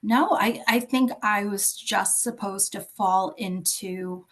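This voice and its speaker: A woman's voice: medium pitch, slow, fairly bright tone, low-quality recording. A woman in her fifties speaks candidly as a podcast guest. Her voice sits in a middle register, and she talks in a reflective, chatty way. She sometimes drops almost to a whisper. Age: 50s. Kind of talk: candid personal interview.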